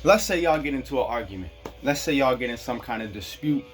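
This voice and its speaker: A man's voice: mid-range voice, expressive, fast, soft background music. A man from Kansas delivering a rambling, profane casual monologue, chuckling at his own jokes. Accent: Black American English. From Kansas, USA. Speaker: vlogger.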